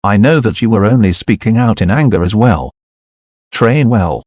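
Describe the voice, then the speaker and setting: A stern middle-aged swim coach, as a male narrator does him, curt and admonishing. His voice sits low and plain in a dry storybook reading. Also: expressive, normal speed, a little mellow, no echo.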